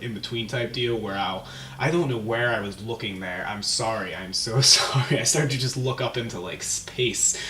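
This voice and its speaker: A man hosting his own vlog, rambling and chuckling as he improvises a comic story, self-mocking as he goes. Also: medium pitch. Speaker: host. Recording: roomy, distant mic, faint hum.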